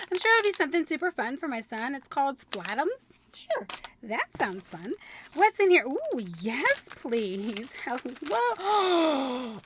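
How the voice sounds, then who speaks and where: A woman in her thirties chatting to camera at home while unboxing, gushing and excitable with frequent gasps. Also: high-pitched. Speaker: vlogger. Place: home room.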